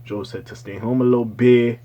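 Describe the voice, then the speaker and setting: A man hosting his own channel, giving loose, profane, rambling casual commentary with slangy asides and sudden excited bursts. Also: medium pitch, a little fast, muffled recording. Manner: swings into loud excited bursts. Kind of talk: casual pop-culture commentary.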